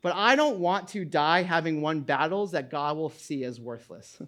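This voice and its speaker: A middle-aged male pastor preaching a sermon in an animated way, repeating words and restarting, booming out when he reads scripture aloud. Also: moderate pace.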